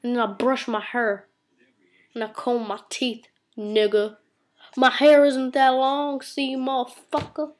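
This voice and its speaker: A woman's voice: sits high, level tone, a little slow. A woman ranting to a webcam in a room, boastful and rambling, cursing constantly as she tells tall stories. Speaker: vlogger. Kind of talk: comic profane rant to camera. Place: indoor room.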